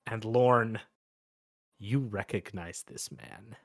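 A man's voice: on the low side, slow, no echo, studio quality. A man narrating a tabletop role-playing game as game master in a loose, hesitant way.

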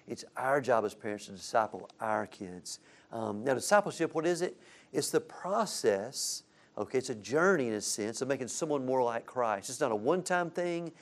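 Lively man teaching a church class. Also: mid-range voice. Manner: asks the group questions and answers them. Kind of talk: interactive Bible teaching to a church group. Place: church classroom with a live audience.

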